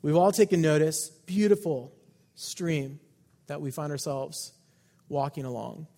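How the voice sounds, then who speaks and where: Guy pastor preaching, kinda high voice, punchy then hushed, big hall echo. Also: steady tone, unhurried. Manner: emphatic, swings between loud stresses and quiet asides. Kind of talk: sermon. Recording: long hall reverb.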